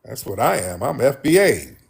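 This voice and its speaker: A man hosting a call-in radio show, talking in a preachy, mocking way and acting out quoted voices in a high pitch. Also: sing-song, moderate pace, gravelly, husky. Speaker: radio show host taking callers. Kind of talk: animated call-in talk.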